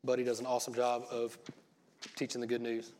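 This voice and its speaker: A man's voice: mid-range voice, completely flat delivery, fairly quick, darkish tone. A man giving an informal church sermon, folksy and rambling, with joking asides to the congregation. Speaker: lay preacher.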